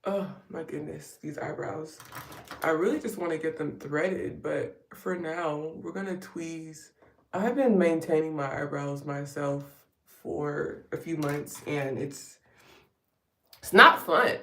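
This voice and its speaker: At home getting ready, a woman vlogger on a live stream chats casually and rambles with wry asides while applying makeup. Her low, darkish voice is slow with fairly even intonation. The sound is roomy and distant, with slight background noise.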